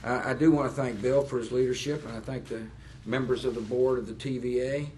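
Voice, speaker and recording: A man in his sixties giving a public speech to plant workers, folksy and halting, with fillers and joking asides. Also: mid-range voice, steady tone, a little mellow, a little hiss or hum. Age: 60s. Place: nuclear power plant, indoors.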